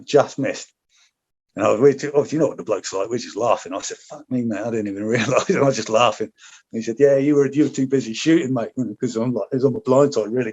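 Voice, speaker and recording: In a muffled recording, a man with a lowish, slightly rough voice and a British English accent shares war stories from his paratrooper days as a podcast guest. He swears freely and keeps restarting and going off on asides in this casual storytelling.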